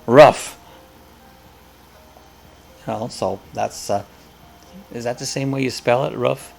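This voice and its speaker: A man's voice: mid-range voice, fairly even intonation, normal speed, creaky, darkish tone, soft background music. A man hosting a casual live chat, rambling and joking as he tells stories. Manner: rambling, jokey storyteller.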